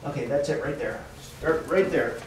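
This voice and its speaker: A man teaching a children's Sunday school class, telling a Bible story slowly and with animation and asking the children questions. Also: mid-range voice. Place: church classroom. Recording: echoey room, distant mic, faint noise.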